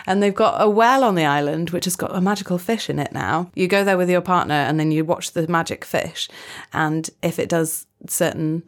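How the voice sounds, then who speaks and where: A Welsh woman guest telling a folk tale in a chatty podcast conversation, laughing often. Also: on the low side. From Wales. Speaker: guest storyteller. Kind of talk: casual storytelling chat.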